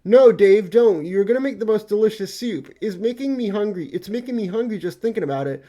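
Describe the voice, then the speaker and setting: A high, bubbly troll girl who teases and exclaims in sing-song bursts, as a man reads a comic aloud and puts on her voice. She bounces around on her words, eager and scheming. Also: lively intonation, fast, warm tone. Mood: excited. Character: gleeful teenage troll girl, excitable and teasing.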